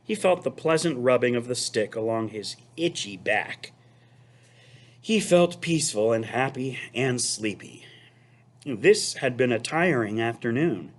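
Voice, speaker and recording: A man who teaches, reading a children's book aloud to his students in an expressive, unhurried way. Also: mid-range voice. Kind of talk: storybook read-aloud.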